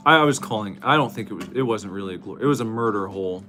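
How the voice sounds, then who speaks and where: A man's voice: lowish voice, racing, pushed and bright, soft background music. A man hosting a livestream, chatting casually and joking playfully. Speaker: streamer host.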